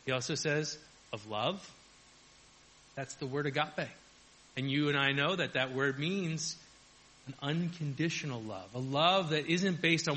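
A man's voice: medium pitch, sharp tone, low-quality recording. A man preaching a conversational sermon, chuckling often and acting out quoted voices. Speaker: pastor.

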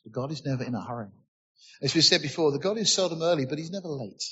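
A man's voice: a little high, lively intonation, fast, pushed and bright, slightly rough, lo-fi sound. A man preaching a sermon, earnestly explaining scripture and asking rhetorical questions.

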